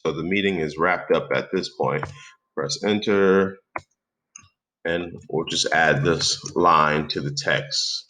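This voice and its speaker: A man narrates a software tutorial in a deep, low voice, walking through each step as he types. His pace is slow and easy, with plenty of pauses between phrases. The delivery stays relaxed and conversational, like someone showing a friend on screen. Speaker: tutorial host.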